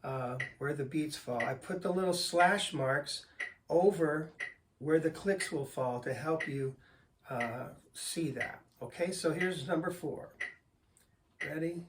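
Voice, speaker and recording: A man's voice: fairly high pitch, takes it slowly. Older man teaching drums, counting beats. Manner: patient, counts beats aloud, steady teaching tone. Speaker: drum teacher. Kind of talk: instructional explanation. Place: drum studio. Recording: voice a bit far from the mic, faint noise.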